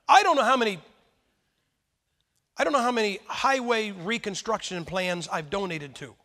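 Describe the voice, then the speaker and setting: A man in his sixties with a high, creaky, fairly bright voice preaches a folksy sermon, joking and peppering the congregation with rhetorical questions. The recording carries a long hall reverb.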